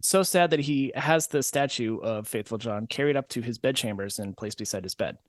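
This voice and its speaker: A man's voice: mid-range voice, normal speed, no room sound, studio quality. A man hosting a podcast, retelling a fairy tale as comedy in a wry, rambling manner. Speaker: podcast host.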